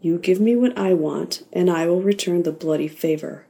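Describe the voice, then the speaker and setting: Audiobook figure: smug, menacing male manager, read by a woman narrator, low-pitched. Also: normal speed, creaky, warm tone. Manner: smug, threatening, coaxing. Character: sleazy, menacing middle-aged male sports manager.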